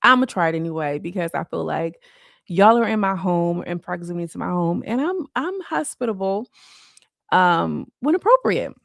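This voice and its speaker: A woman talks to her live-stream viewers from home in a loose, rambling way, peppering every thought with "like." Her voice sits on the low side with a gravelly, fry-laden edge. The sound is dry and close, with no room echo. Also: big pitch swings, moderate pace. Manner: rambling, loose, full of "like" fillers. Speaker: livestreamer. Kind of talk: casual live-stream chat.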